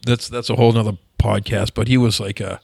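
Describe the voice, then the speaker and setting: A man in his fifties, a podcast guest telling stories in an animated, chatty way and often checking in with "you know what I mean". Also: on the low side, gravelly, husky, no echo. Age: 50s. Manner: animated, quick storyteller who keeps asking "you know what I mean". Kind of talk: casual storytelling.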